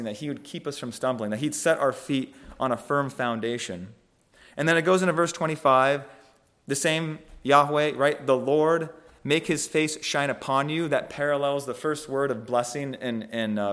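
A man giving a conversational sermon on a scripture passage, thoughtful and halting, often restarting phrases and checking in with "right?". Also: mid-range voice, a bit bright. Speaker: preacher.

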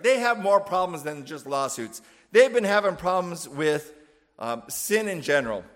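Preaching in a casual, conversational manner, a man with a high-pitched, fairly bright voice fills his sermon with fillers. He often checks in with listeners through "right?" and "you know."

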